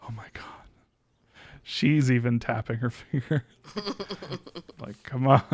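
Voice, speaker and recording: A man's voice: mid-range voice, fairly even intonation, takes it slowly, darkish tone, slightly rough. A man streaming a game, giving casual, sarcastic commentary full of jokes and muttered asides. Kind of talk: casual let's-play commentary.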